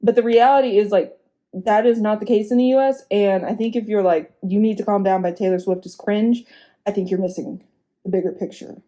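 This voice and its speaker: Chatty woman vlogger, soft mellow voice. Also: brisk. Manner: chatty and frank, laughing asides, swearing; lively pitch swings for emphasis. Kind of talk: casual opinionated commentary.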